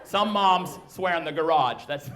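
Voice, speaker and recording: A man in his thirties performs stand-up on a club stage, speaking conversationally into a handheld mic in a slightly high voice at a somewhat slow pace. He breaks into loud, shrieking impressions of his kids. The live club recording picks up audience chatter, laughter and noise.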